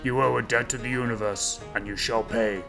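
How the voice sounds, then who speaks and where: A man voicing a stern, commanding mentor in a low, grave tone. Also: fairly even intonation, a little fast, creaky, over music, natural voice.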